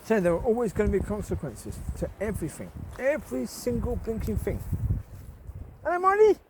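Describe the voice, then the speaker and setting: A brisk, high-voiced lay Christian vlogger rambles through a casual devotional while walking dogs in the countryside, sounding lively and tossing tag questions at listeners. The recording is low quality, with a bit of background noise.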